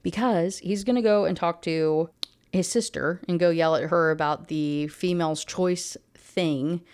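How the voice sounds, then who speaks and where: Woman ranting thru a book recap, lots of likes and rambling, lowish voice. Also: unhurried, a little mellow, clean tone. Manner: rambling, filler-heavy. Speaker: book reviewer. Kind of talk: casual rant review.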